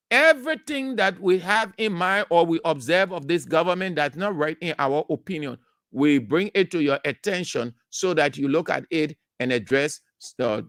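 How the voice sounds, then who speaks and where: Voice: medium pitch, fairly bright tone, dry recording, clean studio sound. A radio talk show host, giving opinionated commentary in a lecturing, emphatic way, repeating key phrases and asking rhetorical questions. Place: radio studio.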